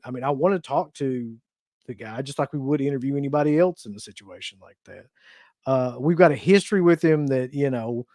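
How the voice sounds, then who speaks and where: A man with a slightly high voice weighing in on a casual show discussion. He talks earnestly, setting out his reasons one numbered point after another. The sound is dry and close to the mic. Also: darkish tone, no room sound. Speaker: co-host.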